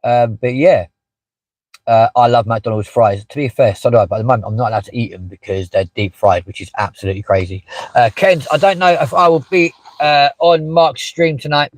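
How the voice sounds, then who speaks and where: A man's voice: mid-range voice, steady tone, a little fast, no room sound, poor audio. A man hosting a casual live stream from inside a parked car, chatting with many fillers and asides as he reads out viewer comments. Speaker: livestream host.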